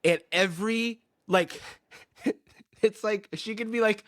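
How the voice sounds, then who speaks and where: A man's voice: sits high, takes it slowly, fairly bright tone. A man guesting on a podcast, chatting casually in a thoughtful, hesitant, wry way. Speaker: guest, YouTuber. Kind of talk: casual chat.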